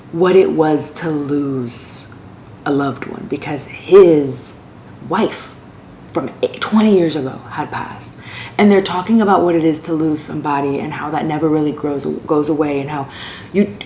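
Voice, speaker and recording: A woman's voice: low-pitched, mellow. A woman casually and animatedly retelling a romance novel's plot as a book vlogger, sometimes dropping to near-whispers. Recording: echoey room with faint ambient noise.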